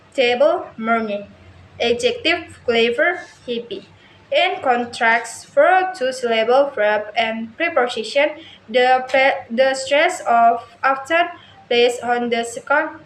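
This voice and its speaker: A woman reads a class presentation aloud, slowly and haltingly, restarting some words. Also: a little high, a little hiss or hum. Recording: echoey room, faint ambience.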